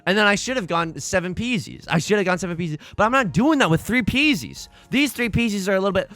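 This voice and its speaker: Lively sarcastic young man commentating a game. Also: sits high, fast, no echo. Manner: sarcastic, self-mocking, theatrical outbursts. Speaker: let's play host.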